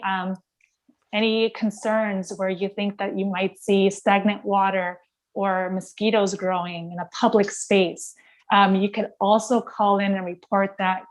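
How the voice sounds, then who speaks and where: A woman from a vector control agency giving advice as a guest, careful, pausing often on "um". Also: medium pitch. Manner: careful, many "um" pauses.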